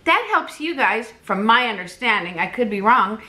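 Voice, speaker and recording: A woman vlogger chatting casually to her camera, animated and talkative, often laughing. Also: on the high side, normal speed. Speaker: weight-loss vlogger.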